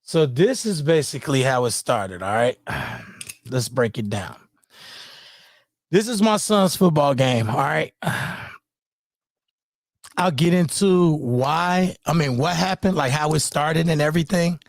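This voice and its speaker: A father breaking down his son's game footage in casual screen-share commentary, heated and profane, repeating "boom" as he points things out. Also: lively intonation, unhurried, vocal fry, pauses often, dry recording, studio quality. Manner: heated, profane, repeats "boom" and "you know what I'm saying".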